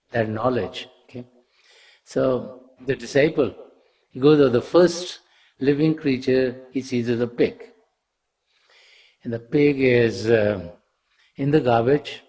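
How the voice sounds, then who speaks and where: Mellow, husky-voiced spiritual teacher. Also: male voice, medium pitch. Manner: conversational storytelling, many "you know"s. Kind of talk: spiritual talk.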